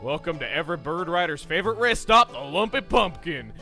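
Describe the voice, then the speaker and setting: Guy putting on a loud bossy pub owner, scolding, fake southern twang, high and swingy, game music behind. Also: sing-song, fairly quick, vocal fry, exaggerated voice. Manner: stern, scolding, folksy attempt at a southern drawl. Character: gruff middle-aged male pub owner, bossy and protective.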